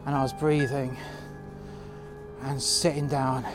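Outdoors in sub-zero cold, a man angrily recounts a workplace incident in the first person, blunt and laced with profanity, slowing down when he gets tired. His voice is mid-range and level, with music playing in the background.

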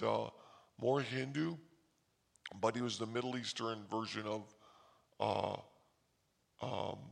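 A man hosting his own channel, telling a comic story in a rambling, self-mocking, deliberately naive way. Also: on the low side, vocal fry. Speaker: comedic storyteller and channel host.

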